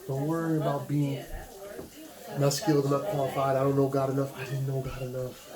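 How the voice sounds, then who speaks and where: A pastor with a mid-range, monotone voice preaches informally and a little fast. He urges the listener directly in a conversational way, recorded in an echoey room with a crowd behind him.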